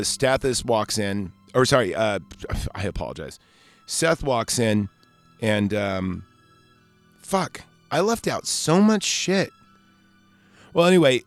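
A man's voice: mid-range voice, clear, resonant tone, no room sound. A man hosting a casual solo podcast, recapping a film in a loose, rambling way and correcting himself as he goes. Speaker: podcast host.

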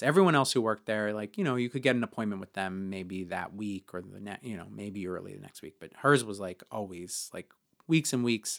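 A podcast co-host tells a personal story in a bright-ish, creaky male voice. He's chatty and full of fillers, and he acts out quoted lines in a higher voice.

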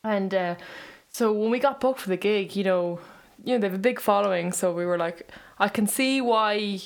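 A woman's voice: mid-range voice, moderate pace. A woman telling a tale through laughter. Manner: lively storyteller, often breaking into laughter. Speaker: musician guest. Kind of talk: casual anecdote telling.

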